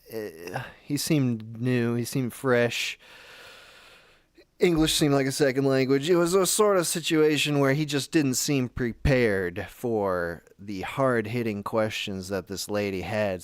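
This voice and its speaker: A man's voice: mid-range voice, smooth, no echo, studio quality. A man calling in to a talk show, telling a story in a rambling, casual way with many restarts. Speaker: caller.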